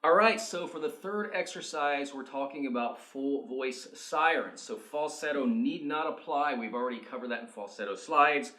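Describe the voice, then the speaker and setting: A man working as a vocal coach, talking singers through warm-up exercises in an energetic, coaching manner. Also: medium pitch, moderate pace, few pauses. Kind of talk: instructional video demonstration. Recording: roomy echo.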